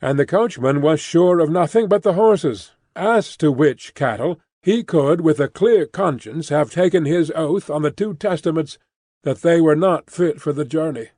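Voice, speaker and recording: A man narrating a classic novel in an expressive storytelling reading. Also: fairly high pitch, moderate pace, no echo. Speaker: audiobook narrator. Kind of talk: scripted narration. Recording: dry close studio recording.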